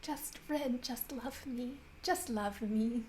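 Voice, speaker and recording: A woman's voice: on the high side, unhurried, a little hiss or hum, natural voice. A woman voicing a vain, muscular young man who whines and pleads petulantly. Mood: pleading.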